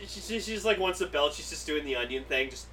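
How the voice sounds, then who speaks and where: A man's voice: on the high side, animated, fast, pushed and bright. A young man co-hosting a podcast, recapping a show in rambling, casual chat full of "like" and swearing. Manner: rambling, many "like" fillers, swearing. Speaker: podcast co-host. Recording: distant mic with faint noise.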